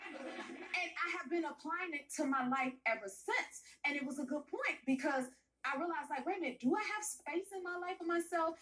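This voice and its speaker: A man's voice: very high voice, a bit bright, far from the mic, low-quality recording. A man playing a sassy, chatty woman talk-show host who keeps talking straight to her audience in a folksy way. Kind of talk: comedic character monologue.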